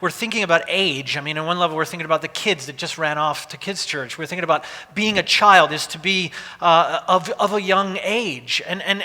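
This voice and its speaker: Man in his forties, pastor, conversational sermon, bright ringing tone, long hall reverb. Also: high-pitched. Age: 40s. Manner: conversational, anecdotal, with frequent restarts.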